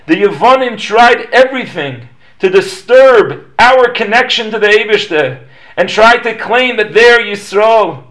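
A man delivers a prepared Torah lecture in a notably high voice. He reads at a measured pace and explains each point carefully, often asking a question before he answers it. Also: fairly bright tone. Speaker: Torah teacher. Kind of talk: read-aloud Torah lecture.

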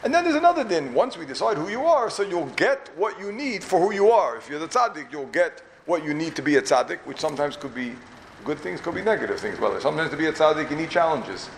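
A rabbi from Borough Park, giving an emphatic yeshiva talk full of repeated questions and wry asides. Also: male voice, a little high, big pitch swings, fast, gravelly, slight background noise. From Borough Park, New York.

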